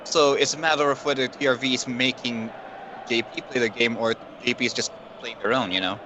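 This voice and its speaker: A man giving casual co-commentary and analysis on a video game football match, in a relaxed, chatty way. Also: mid-range voice, a little fast, noisy background. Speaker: color commentator.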